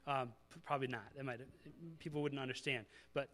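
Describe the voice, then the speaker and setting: A man's voice: medium pitch, steady tone, fairly quick, few pauses, fairly bright tone. A male pastor preaching a conversational sermon, building to emphatic peaks before communion.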